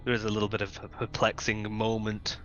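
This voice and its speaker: A man's voice: fairly low pitch, completely flat delivery, fairly quick, fairly bright tone, lo-fi sound, faint music behind. A man narrating as game master in a casual, word-searching way.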